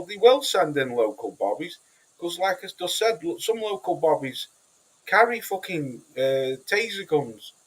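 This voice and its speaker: A man's voice: fairly high pitch, rough recording. Blunt, sweary Cheshire man on a livestream. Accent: Cheshire English. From Cheshire, England. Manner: blunt, sweary, rambling with many restarts. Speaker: livestream host. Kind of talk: casual livestream chat reading comments.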